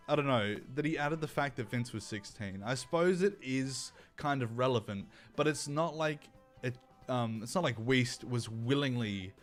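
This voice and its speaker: A young man hosting a livestream, ranting in a crude, sarcastic commentary style. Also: medium pitch. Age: young adult. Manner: crude, sarcastic, mocking asides. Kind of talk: profane casual commentary rant.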